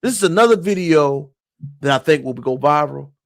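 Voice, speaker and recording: A man's voice: a little high, animated, normal speed, vocal fry. A man giving impassioned live-stream commentary, emphatic and preachy, who keeps calling his viewers y'all. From moved to Texas from elsewhere.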